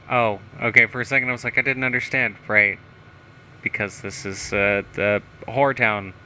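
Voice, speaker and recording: A man's voice: fairly low pitch, fairly even intonation, moderate pace, pushed and bright, slight background noise. A man streaming a video game live, chatting casually and thinking aloud as he plays.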